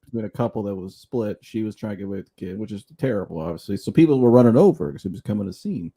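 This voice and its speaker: A young man hosting a live sports show, telling stories with loud impressions and chatting about rankings. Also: lowish voice, rapid-fire, a crowd in the background. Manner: animated storyteller, loud impressions. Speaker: podcast host. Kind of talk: casual sports chat.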